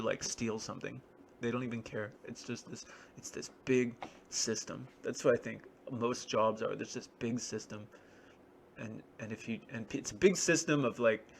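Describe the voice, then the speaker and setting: A man's voice: mid-range voice, vocal fry, a little hiss or hum. A man talking in a rambling, wry, self-deprecating solo monologue. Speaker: vlogger.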